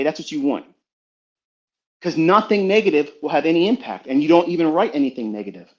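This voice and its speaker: Blunt, profane man lecturing on mindset. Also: a little high. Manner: blunt, profane and preachy, with rhetorical questions. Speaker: trading mentor. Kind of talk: motivational lecture. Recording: dull lo-fi sound.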